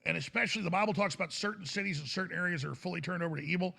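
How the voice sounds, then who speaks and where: A man hosting a talk show, ranting fervently and bursting into shouted impressions. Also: high-pitched, very fast, vocal fry, husky. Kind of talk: impassioned talk show rant.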